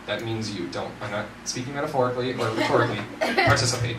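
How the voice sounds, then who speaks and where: A young man doing a live stand-up routine at a university event, animated and self-mocking, with mumbled asides between louder bits. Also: medium pitch, quick pace. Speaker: stand-up comedian. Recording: echoey hall from far off, noisy.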